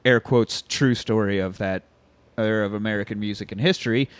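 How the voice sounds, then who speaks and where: A man co-hosting a casual movie podcast, profane and mocking, breaking into high squeaky impressions. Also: a little fast, no room sound. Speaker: podcast co-host.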